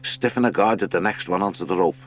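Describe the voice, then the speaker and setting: A man reading a children's adventure audiobook as narrator, with expressive storytelling. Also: low-pitched, brisk. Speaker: audiobook reader. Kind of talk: scripted narration.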